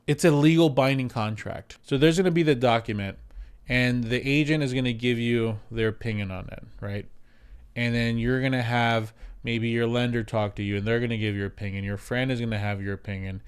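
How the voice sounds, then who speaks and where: A smooth-voiced real estate agent from the United States gives casual advice to camera in an animated way, at medium pitch and a little fast. He repeats words for emphasis and acts out quotes.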